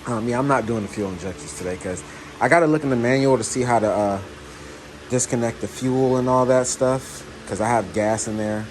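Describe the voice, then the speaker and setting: A man's voice: medium pitch, brisk. A man casually talking through a motorcycle repair for his vlog, rambling and easygoing with lots of fillers. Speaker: motorcycle vlogger. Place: working on a motorcycle. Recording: noisy background ambience.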